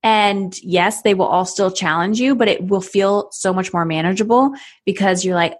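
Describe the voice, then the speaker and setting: Animated woman coaching on parenting. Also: mid-range voice, moderate pace. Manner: animated, acts out scenes with voices. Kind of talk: podcast conversation.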